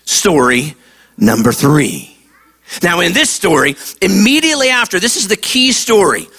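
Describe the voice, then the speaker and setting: A male pastor preaching a sermon to kids at a church campus, telling the story with animated delivery. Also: sits high, a little slow, slightly rough. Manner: animated storytelling, acts out quotes.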